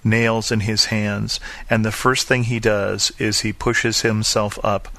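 A male pastor delivers an earnest sermon, reading scripture and then explaining it. His voice is bright and forceful but sits slightly low, and he slows down to stress the key lines. The sound is close and dry. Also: flat delivery, no room sound.

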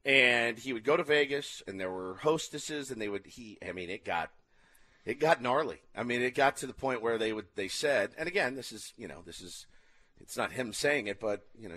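Male co-host, animated storyteller with lively pitch. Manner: animated storytelling, acts out quotes. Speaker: podcast co-host. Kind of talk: casual chat reviewing a documentary.

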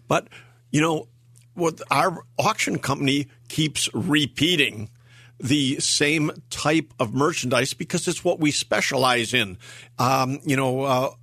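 A man's voice: mid-range voice, measured pace, pushed and bright, breathy edge, no room sound. A man co-hosting a radio show about his auction company, talking casually with lots of fillers and restarts. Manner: rambling, with many fillers and restarts.

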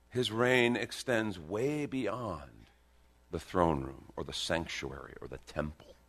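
A man preaching a sermon in a church, animated, with bursts of emphasis and joking asides. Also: sits low. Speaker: pastor. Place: church sanctuary.

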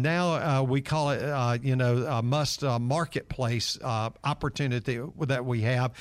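This man's mid-range voice comes through a dry recording. He's a nonprofit leader giving an interview answer, earnestly telling stories packed with fillers.

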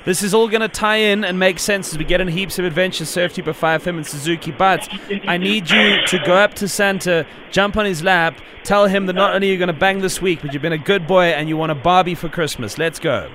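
An upbeat radio host teases his co-host in quick banter. His voice is high for a man. Faint noise sits in the background. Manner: teasing, upbeat.

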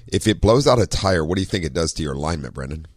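A middle-aged man with an extremely low, rumbling radio voice hosts a morning car talk show. He talks in a relaxed, meandering way, full of ums and uhs. The studio sound is dry and close. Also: quick pace, dry recording. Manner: relaxed, rambling, many ums and uhs, easy laugh. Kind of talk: casual talk radio chat. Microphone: studio microphone.

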